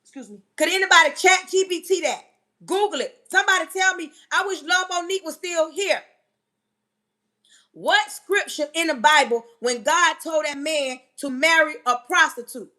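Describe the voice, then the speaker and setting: A woman preaching on a live stream, emphatic and yelling, firing rhetorical questions at her listeners. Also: very high voice, moderate pace. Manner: yelling and emphatic, banging on the table.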